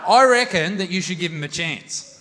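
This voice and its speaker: A man's voice: high-pitched, animated, normal speed, a bit bright. A young Australian man doing stand-up comedy, bantering crudely with the audience on a theatre stage into a handheld mic. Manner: brash, crude banter with the crowd. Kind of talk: stand-up crowd work. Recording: live hall reverb with audience noise.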